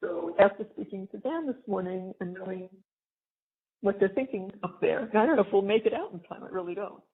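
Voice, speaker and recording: An older woman with a New York accent, talking in a halting, rambling way with many restarts, sounding distressed. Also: mid-range voice. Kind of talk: recorded conversation. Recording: tinny phone line, echoey.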